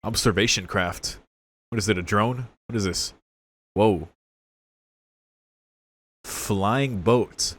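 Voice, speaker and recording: A man with a very deep voice gives casual reaction commentary on a show. He speaks slowly and unhurriedly. He exclaims, swears and talks back at the screen. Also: a bit bright. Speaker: reaction video creator.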